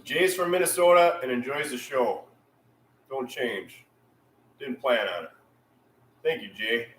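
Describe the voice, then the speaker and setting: A man's voice: medium pitch, unhurried, a bit bright, roomy sound, rough recording. A man hosting a casual livestream from his repair shop, rambling and reading viewer comments aloud. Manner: laid-back, rambling, reads chat aloud. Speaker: channel host.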